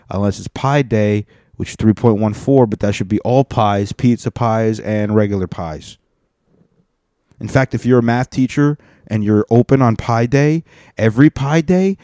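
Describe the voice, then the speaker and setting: A man's voice: medium pitch, mellow, no room sound, studio quality. A man hosting a podcast, rambling profanely through a comedic rant and slipping into joke accents. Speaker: podcast host.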